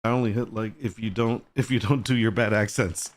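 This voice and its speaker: A man's voice: on the low side, steady tone, a little fast, hardly any pauses. A man hosting a casual livestream chat, joking with and teasing viewers and greeting them by name. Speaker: livestream host.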